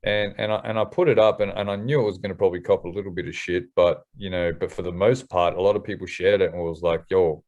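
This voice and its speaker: A man in his thirties with an Australian accent, a hip-hop artist telling stories in a casual interview, candid and quick to swear. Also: deep voice, fairly even intonation, darkish tone, lo-fi sound. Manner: candid, swears freely, fast slangy storytelling.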